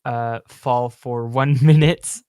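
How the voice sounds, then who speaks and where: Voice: mid-range voice, fairly even intonation, slow, darkish tone, clear, resonant tone, dry recording. Giggly tabletop player, dry close sound. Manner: giggly, stumbling, restarts often. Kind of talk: casual tabletop game play.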